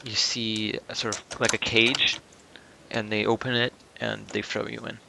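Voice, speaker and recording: A man's voice: on the low side, little pitch movement, moderate pace, creaky, very noisy. A man narrating a tabletop game as game master, hesitant with many ums and restarts.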